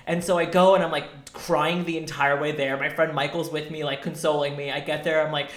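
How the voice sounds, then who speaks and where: A young man co-hosts a podcast, telling stories with animated swearing and plenty of fillers. His voice sits a little high and sounds bright. It comes through in an echoey room. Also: fast, hardly any pauses. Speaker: podcast co-host. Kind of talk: casual chat, storytelling.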